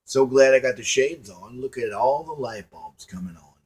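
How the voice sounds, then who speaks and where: A man's voice: medium pitch, animated, normal speed, a little mellow, slightly rough. Preachy man lecturing to camera. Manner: preachy, repetitive, rhetorical questions. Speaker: online commentator. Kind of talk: motivational monologue to camera.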